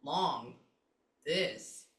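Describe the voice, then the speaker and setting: Low-voiced lady rambling through a reading, stops to think a lot, echoey and kinda far from the mic. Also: expressive, a bit bright. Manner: chatty, thinks aloud, many pauses and asides. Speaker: psychic medium. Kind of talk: casual session talk. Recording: roomy, from off the mic.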